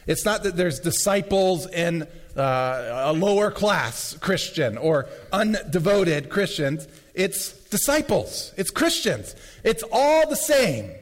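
Pastor, male, hoarse from preaching, animated pitch, emphatic repeats, echoing sanctuary. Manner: emphatic, repeats key phrases. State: losing his voice. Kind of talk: sermon. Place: church sanctuary. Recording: long hall reverb.

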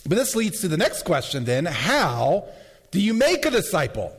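Pastor, male, hoarse from preaching, animated pitch, emphatic repeats, echoing sanctuary. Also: normal speed. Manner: emphatic, repeats key phrases. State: losing his voice. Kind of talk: sermon. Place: church sanctuary. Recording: long hall reverb.

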